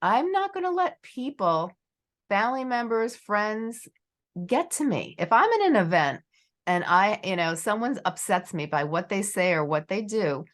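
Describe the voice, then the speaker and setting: A woman's voice: mid-range voice, big pitch swings, measured pace, a bit bright. A middle-aged woman hosting a podcast interview in a casual, rambling way, leaning on "you know" a lot. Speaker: podcast host.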